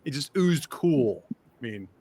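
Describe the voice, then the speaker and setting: An American man hosting a podcast in casual chat, animated and swearing freely as he talks. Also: medium pitch, breathy edge. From United States. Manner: fast, animated, swears a lot, excitable. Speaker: podcast host.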